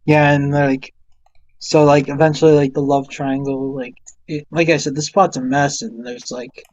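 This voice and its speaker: A man's voice: mid-range voice, flat delivery, normal speed, low-quality recording. A young man co-hosting a casual chat, rambling with lots of fillers and laughing often. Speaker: co-host. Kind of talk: casual chat about movies.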